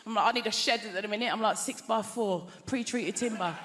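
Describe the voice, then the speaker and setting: A woman's voice: medium pitch, brisk. An English woman in her thirties doing stand-up comedy in a chatty, confiding way, full of tag questions. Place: large theatre stage. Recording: echoey theatre with loud crowd noise.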